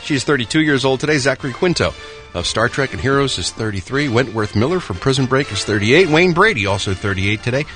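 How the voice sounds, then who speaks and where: A man's voice: mid-range voice, expressive, brisk, fairly bright tone, faint music behind. A man co-hosting a radio show, reading celebrity birthdays with a wry, jokey delivery. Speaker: radio co-host.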